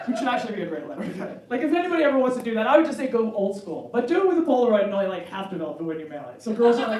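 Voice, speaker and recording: A woman in her forties works through a stand-up set, her pitch swinging widely as she acts out bits. She sounds roomy and a little far off, as if caught from across a club. A loud audience laughs and reacts behind her. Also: very fast, hardly any pauses, a crowd in the background. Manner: animated, acts out bits in high excited voices. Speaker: stand-up comedian. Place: comedy club stage.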